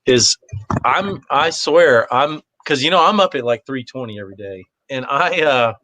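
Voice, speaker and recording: A man's voice: mid-range voice, animated, normal speed, pushed and bright, no echo. Easygoing man, dry close sound. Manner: easygoing, rambling, with fillers and restarts. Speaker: guest, competitive shooter. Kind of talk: casual chat.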